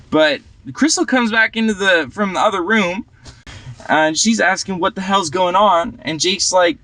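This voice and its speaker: A man's voice: sits high, bright, forceful tone, no echo, exaggerated voice. A young man playing a party-goer who tells a long story in a rambling, profane, slangy way full of fillers. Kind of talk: casual film dialogue.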